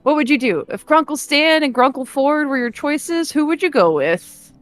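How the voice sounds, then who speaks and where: Woman doing a nosy, teasing young girl; lively, quick questions. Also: high-pitched, soft background music, pitched above the performer's own voice. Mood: scheming. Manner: rapid-fire questions, teasing. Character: cheerful nosy young girl, pushy and playful.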